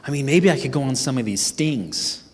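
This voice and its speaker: A middle-aged man telling a funny personal story at a team training, animated and self-mocking. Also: medium pitch, moderate pace. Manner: animated, humorous, acts out his own panicked voice. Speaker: speaker at a sales team training. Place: event hall. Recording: echoey hall reverb.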